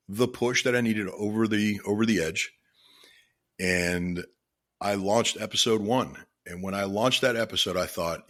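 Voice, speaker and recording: A middle-aged man talks through a personal story on his solo podcast. His voice is very deep and husky. He speaks earnestly and from the heart, often restarting his sentences. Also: fairly bright tone. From Florida. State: choked up with emotion. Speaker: podcast host. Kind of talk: reflective solo podcast monologue.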